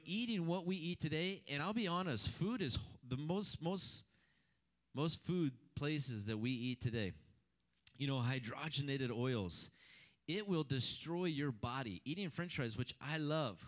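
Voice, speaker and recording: A man preaching a sermon, reading scripture and then talking in a conversational, animated way with rhetorical questions to the congregation. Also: fairly high pitch. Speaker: pastor.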